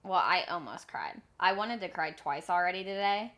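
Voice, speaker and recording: Her pitch is fairly low and her tone fairly bright as she talks at a moderate pace. She's a twenty-something podcast co-host on a remote call, chatting casually with bluntness, self-mockery, and plenty of cursing.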